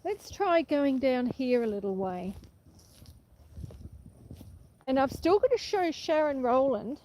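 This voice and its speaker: A high-pitched woman chats unhurriedly to her livestream viewers from a farm paddock, answering their comments as she walks. Her voice cracks in places. She speaks into a handheld phone outdoors, and loud wind noise comes through. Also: very animated, slow, rough recording. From Australia. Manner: chatty, answers viewers' comments while walking. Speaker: livestream host. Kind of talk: casual livestream chat.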